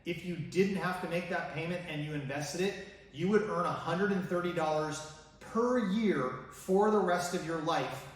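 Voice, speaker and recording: A man's voice: a little high, moderate pace. Enthusiastic man in a very echoey room. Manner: enthusiastic, persuasive, asks rhetorical questions. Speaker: finance YouTuber. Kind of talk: direct-to-camera finance vlog. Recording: very echoey room, mic at a distance.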